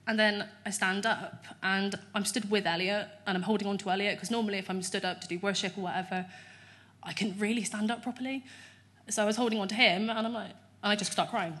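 Bright-voiced woman telling her story. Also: mid-range voice, quick pace. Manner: chatty, animated storytelling. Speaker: church member giving testimony. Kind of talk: testimony interview.

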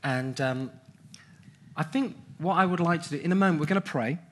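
A man's voice: a little high, brisk, a bit bright. A man leading a church interview, asking questions in a hesitant, conversational way. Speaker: church leader interviewing a member.

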